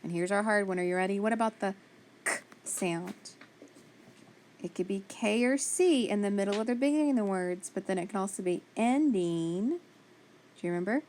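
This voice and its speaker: A woman's voice: medium pitch, quick pace, a little mellow, slight background noise. A woman teaching a phonics spelling lesson, patiently sounding out letters and praising each answer.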